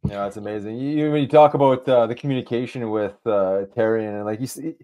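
A man's voice: mid-range voice, fast talker, mellow, dull audio. A man co-hosting a podcast in casual chat, reacting and asking follow-ups. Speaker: podcast co-host.

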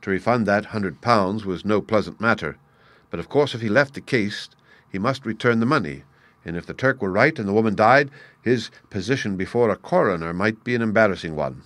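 A man narrating a classic story aloud in a steady, clear storytelling manner. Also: lowish voice, fairly quick, dry recording.

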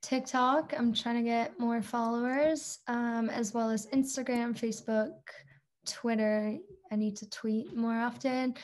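A woman's voice: a little high, fairly even intonation, unhurried. A young woman from Toronto, a singer-songwriter guest, chatting casually and laughing often in an interview.

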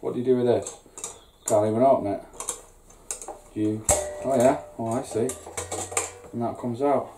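A man's voice: medium pitch, steady tone, normal speed, long pauses, background noise. Man, middle-aged, rambling, sweary, self-mocking, distant mic, echoey room. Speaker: home brewer, channel host. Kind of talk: casual unboxing chat. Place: garden brew shed.

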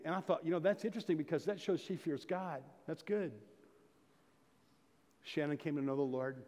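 A man's voice: on the high side, moderate pace, pauses often, darkish tone. A middle-aged man preaching a sermon as pastor, telling folksy stories and building to emphatic exhortation. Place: church sanctuary. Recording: long reverb of a church hall.

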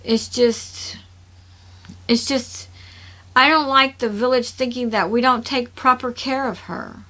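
A patient, caring young man who speaks softly and solemnly, read by a woman. The voice stays bright and slightly lowered. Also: slow pace. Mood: earnest. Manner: soft and solemn.

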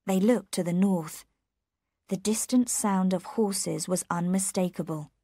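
Woman reading a graded reader slowly. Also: fairly low pitch, dark tone, dry recording, studio quality. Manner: slow, careful and clear. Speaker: narrator. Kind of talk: graded reader audiobook narration.

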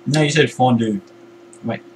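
A man's voice: medium pitch, a little fast. A man bantering playfully with his co-host during a live-streamed co-op game. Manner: playful, bantering, jumps between calm and shouty. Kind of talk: casual co-op game stream chat. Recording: noisy home recording.

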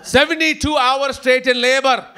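A man voicing his loud, dramatic mother, complaining on a comedy stage. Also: high voice, steady tone, normal speed, pitched above the performer's own voice. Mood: indignant.

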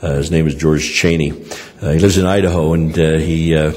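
Older man with a very deep voice preaching. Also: fairly even intonation, a little fast, a little mellow, big-room sound. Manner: rambling, many "uh" and restarts. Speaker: pastor. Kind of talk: sermon with personal stories. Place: church hall.

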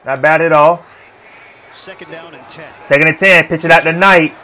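A man giving a casual, excitable play-by-play reaction to football highlights, full of slang and repeated phrases. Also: takes it slowly. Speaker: sports reaction vlogger.

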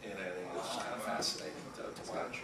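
A man's voice: lowish voice, steady tone, quick pace. A middle-aged man giving a casual guest lecture as an animation storyboard artist, rambling through anecdotes, laughing often and acting out quotes. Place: school lecture room. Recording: echoey room, distant mic, faint hiss.

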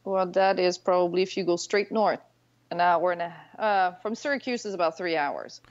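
A woman's voice: fairly low pitch, normal speed. French Canadian woman, lo-fi. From Quebec City, Canada. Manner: friendly, hesitant, searching for words. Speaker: guest, online seller. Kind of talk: casual podcast interview. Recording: dull lo-fi audio.

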